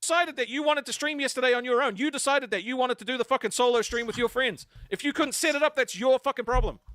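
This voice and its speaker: A man talks fast and defends himself with plenty of swearing. His voice is high and bright, recorded close and dry with no room sound. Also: dry recording. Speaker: co-host of a stream. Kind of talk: heated argument on stream.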